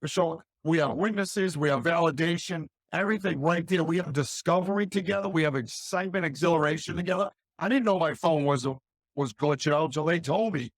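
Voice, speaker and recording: A man who hosts a paranormal podcast, appearing as a guest and talking energetically and excitedly in a casual interview. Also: a little high, a little fast, dry recording.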